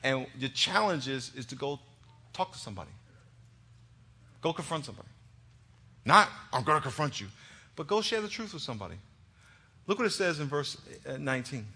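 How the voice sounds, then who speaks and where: A man preaching a sermon as pastor, impassioned and plain-spoken, moving between hushed and loud emphatic delivery. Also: medium pitch, sing-song, brisk, long pauses, breathy edge. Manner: conversational, plain-spoken, with humor.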